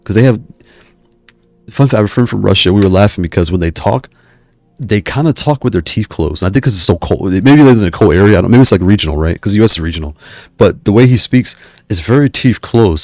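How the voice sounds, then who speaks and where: With a low-sitting voice and studio-quality sound free of room noise, a man hosts a live stream and reads the chat aloud. He chats casually and digressively with viewers, often interrupting himself mid-sentence.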